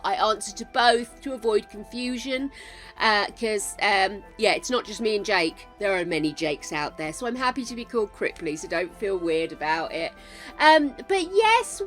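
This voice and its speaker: Older woman, game streamer, bright high voice, affectionate chatter, soft music behind. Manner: chatty, showers viewers with endearments. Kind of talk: casual live-stream chat.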